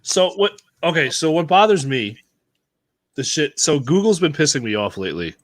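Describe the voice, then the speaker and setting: A man co-hosting a podcast, excitable and profane in casual banter. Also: a little high, moderate pace, no echo, studio quality. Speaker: podcast co-host.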